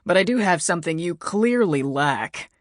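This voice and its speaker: A woman's voice: lowish voice, expressive, moderate pace, dry recording, lightly acted. A woman narrator voicing a wisecracking young male American agent with a teasing, sarcastic manner.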